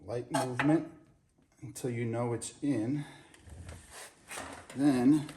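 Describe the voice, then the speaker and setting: A man's voice: mid-range voice, steady tone, takes it slowly, dark tone, a little hiss or hum. A man working on a car and talking through the repair to the camera in a folksy, casual how-to style. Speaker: home mechanic.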